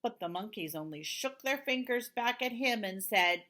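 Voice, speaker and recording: A woman reading a children's picture book aloud in an expressive voice, sometimes dropping into a hush. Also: fairly high pitch, normal speed. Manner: expressive, with hushed whispered asides. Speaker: storybook reader.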